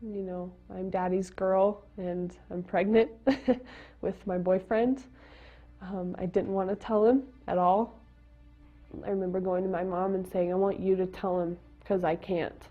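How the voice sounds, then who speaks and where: A young woman giving a personal testimony, speaking in a halting, emotional way with pauses and restarts. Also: fairly low pitch, fairly even intonation. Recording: dull lo-fi sound with faint music.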